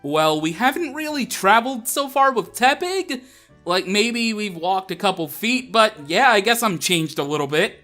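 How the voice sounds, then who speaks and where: A man's voice: sits high, very animated, moderate pace, sharp tone, faint music behind. A young man hosting a Let's Play, chatting casually and laughing as he plays. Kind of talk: casual gameplay commentary.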